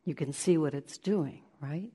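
A woman giving a spiritual talk, shifting between lively play-acting of inner voices and slow, hushed guidance. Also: sits low, husky. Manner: animated, acts out inner voices with laughter; slows into soft, hushed guidance. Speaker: spiritual teacher.

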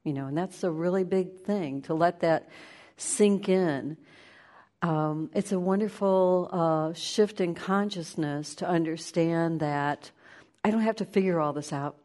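Low voiced lady giving a spiritual talk, goes quiet and slow at times. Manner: animated, acts out inner voices with laughter; slows into soft, hushed guidance. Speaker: spiritual teacher.

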